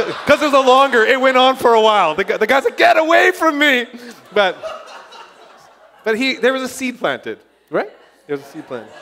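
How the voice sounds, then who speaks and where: High-voiced, passionate male preacher. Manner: passionate, excitable, bursts of shouting. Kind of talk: sermon testimony storytelling.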